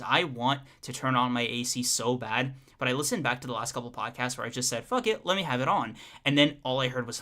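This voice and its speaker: A man's voice: mid-range voice, bright, forceful tone. A young man co-hosting a podcast livestream, chatting casually with his audience, joking, laughing a lot and restarting his sentences. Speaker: podcast co-host.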